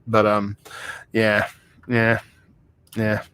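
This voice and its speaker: A man hosting a livestream beer review, talking in a rambling, excitable, heavily profane way. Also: on the low side, very slow, smooth, no echo. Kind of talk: casual livestream chat. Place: home room.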